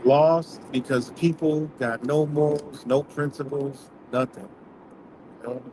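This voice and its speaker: A man with a slightly high voice rants bluntly and profanely, rambling from story to story as host of his own livestream. Steady road noise hums loudly behind him, as if he is talking from inside a moving vehicle. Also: slow pace, poor audio. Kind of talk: casual rant.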